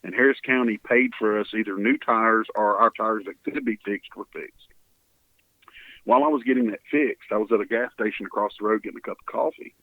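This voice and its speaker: A man's voice: on the low side, expressive, fairly quick, creaky, no room sound. A man with a Texan accent, a guest telling an earnest, emotional story from his relief volunteering. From Texas. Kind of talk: storytelling in an interview. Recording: dry, phone-like sound.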